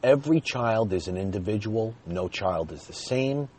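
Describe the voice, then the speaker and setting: A man with a low, husky, mellow voice tells a personal story straight to his viewers. His delivery is chatty and casual, with a chuckle slipping in here and there. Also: animated, normal speed. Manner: chatty, addresses viewers directly, chuckles while telling.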